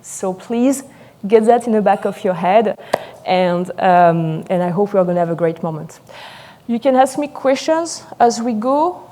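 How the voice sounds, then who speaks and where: A woman from France with a French accent giving a live seminar lecture as a sommelier, talking fast and excitedly. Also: mid-range voice, slight background noise.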